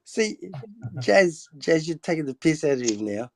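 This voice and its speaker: A man in a casual voice chat, laughing often and trying to calm down his friends. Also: a little high, moderate pace.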